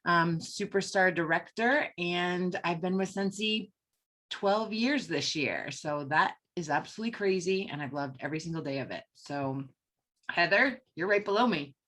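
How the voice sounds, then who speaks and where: A woman's voice: fairly low pitch, normal speed, fairly bright tone. A woman originally from Maine, a sales director, talking upbeat on a casual group call.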